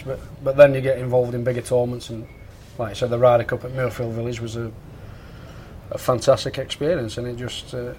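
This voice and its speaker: A former golf caddie, a man, telling anecdotes in a relaxed interview and acting out the dialogue. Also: medium pitch, fairly quick, a little hiss or hum. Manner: animated, acts out quoted dialogue. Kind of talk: casual anecdotal storytelling.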